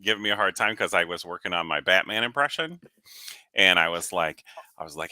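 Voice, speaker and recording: A man co-hosting a casual live chat, joking and laughing often, with halting restarts. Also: sits low, animated, bright, forceful tone, no echo. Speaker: co-host.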